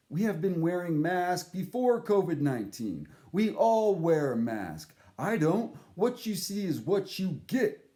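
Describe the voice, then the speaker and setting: A man telling a story in a casual monologue, animated and profane, acting out the voices he quotes. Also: a little high, echoey room.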